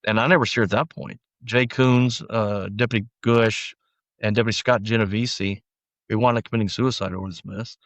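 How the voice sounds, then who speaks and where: A middle-aged man speaks low and steadily as he recounts a long story, often restarting and acting out what others said. The recording is dry, with a slightly muffled, dull sound. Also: fairly even intonation, moderate pace, a bit bright, no echo. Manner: storytelling, frequent restarts, acts out quoted lines. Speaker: former sheriff's deputy, guest.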